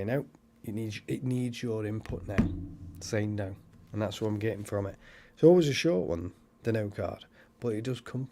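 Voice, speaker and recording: Brief: male stream host, low-ish voice, rambling casual chat during card readings. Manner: rambling, chatty, animated. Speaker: paranormal livestream host.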